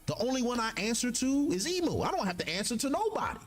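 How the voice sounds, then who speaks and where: A young man on a live stream, reading a manga chapter aloud and joking about it in slangy, animated bursts. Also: extremely high pitch, fast talker. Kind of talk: casual live-stream commentary.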